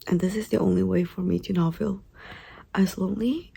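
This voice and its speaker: A woman in her twenties talking casually to camera for a vlog, soft-spoken and slipping into whispers. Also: on the low side, steady tone, quick pace, gravelly, husky. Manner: soft-spoken, drifts into whispers, tearful at times. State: tearful. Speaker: vlogger.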